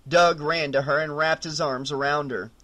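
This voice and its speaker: Bright-voiced man narrating horror. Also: a little high, fairly even intonation, moderate pace. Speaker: audiobook narrator.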